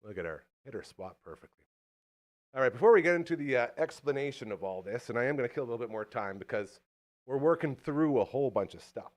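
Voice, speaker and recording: A man hosts a live show while still catching his breath. He is hyped, jokey and pokes fun at himself. His pitch leaps around from line to line. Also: animated, fast. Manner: hyped, jokey, self-mocking. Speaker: host.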